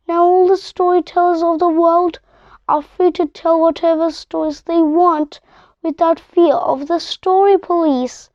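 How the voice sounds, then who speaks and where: A woman reading a children's book aloud, unhurried, giving the characters' lines in much the same voice as the narration. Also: high voice, no echo. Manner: unhurried storybook reading with character quotes in a similar voice. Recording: dull, muffled dry recording.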